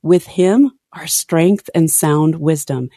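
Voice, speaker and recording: Her voice is low and slow with a breathy edge, captured as clean studio sound with no room sound. As a podcast co-host in a casual Bible study chat, she quotes verses expressively and breaks off her own thoughts.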